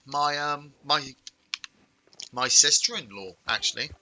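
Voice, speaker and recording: A man chatting casually with viewers while playing a game, telling rambling stories with animated chuckles. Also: fairly high pitch, slow pace, rough recording. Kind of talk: casual live-stream chat.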